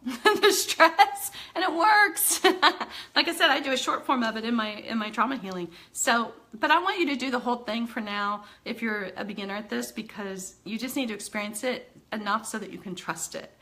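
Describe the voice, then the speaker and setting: Bright animated woman energy healer. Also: fairly high pitch, a little fast. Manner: animated, acts out clients' voices, laughs often. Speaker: empath and energy healer teaching tapping. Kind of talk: live online teaching video.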